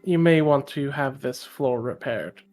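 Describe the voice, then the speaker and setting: A man voicing a composed, practical adventurer who works as a smith, speaking in measured, formal sentences during a tabletop role-play. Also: mid-range voice, darkish tone, faint music behind, close to an everyday voice. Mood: calm.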